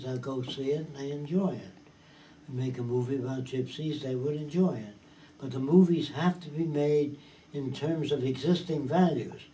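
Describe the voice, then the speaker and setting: Blunt, profane man with a dark tone. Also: medium pitch. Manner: blunt, profane, emphatic, keeps asking "do you understand". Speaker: lecturer. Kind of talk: informal talk to a small group. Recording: distant mic with faint background hiss.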